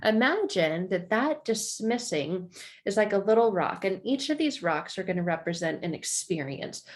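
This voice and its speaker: A woman presenting a casual spoken explanation, animated, often repeating words and addressing the listener directly. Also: medium pitch, normal speed.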